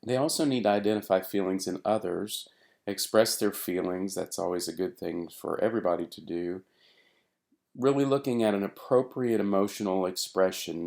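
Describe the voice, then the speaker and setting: Low, gravelly man teaching therapy. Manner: relaxed, conversational, with frequent fillers and restarts. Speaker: therapy trainer. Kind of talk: recorded training lecture.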